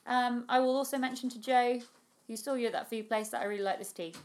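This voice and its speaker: A woman's voice: on the high side, fairly even intonation, quick pace, a little mellow. Chatty woman co-host, pregnant, giggly, loose casual delivery. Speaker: podcast co-host. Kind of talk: casual chat.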